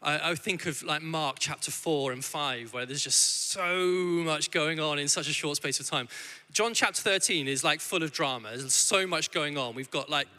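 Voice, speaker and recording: A man's voice: fairly high pitch, normal speed. A man in his thirties giving a sermon as a guest preacher, telling family stories in a loose, conversational way with many restarts. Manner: warm conversational storytelling with frequent restarts. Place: church hall. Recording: church hall with long reverb.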